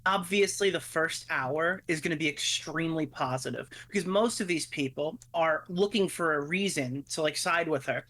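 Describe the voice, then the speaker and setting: A man with a bright, fairly high voice chats with his co-host on a stream. He explains quickly and casually. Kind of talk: casual livestream chat.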